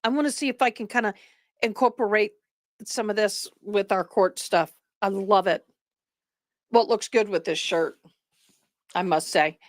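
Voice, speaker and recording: A tired woman hosts a livestream, chatting casually and rambling with her live viewers. Her medium-pitched voice moves at a moderate pace with frequent pauses, in a dry, clean studio recording.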